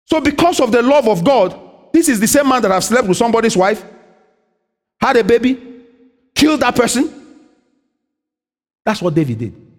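A man preaching a sermon in an animated way, often asking the congregation a question and answering it himself, his voice a little husky. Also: very high voice, moderate pace, pauses often. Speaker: pastor. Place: church. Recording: long hall reverb.

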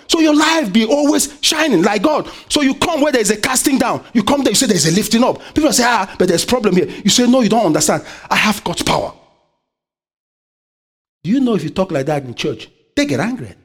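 A man preaching a sermon, often asking the congregation to finish his sentences. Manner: call-and-response, asks the congregation "what?"; swings between loud high exhortation and low quiet asides.

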